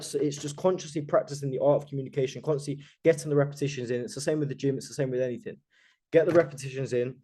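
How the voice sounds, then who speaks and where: A man's voice: fairly high pitch, dark tone. A man coaching a group on a video call, talking emphatically and with total self-assurance, swearing casually.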